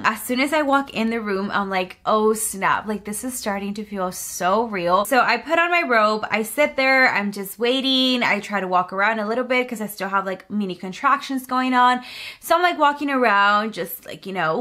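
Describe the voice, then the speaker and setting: A young woman vlogger telling her story in a chatty, animated way, acting out the dialogue as she goes. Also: mid-range voice. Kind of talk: storytime vlog.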